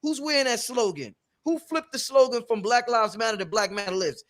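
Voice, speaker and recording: A man's voice: extremely high pitch, expressive, a little fast, a bit bright. A man hosting a workshop, talking in an emphatic, preachy way with casual profanity. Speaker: host. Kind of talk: motivational workshop talk.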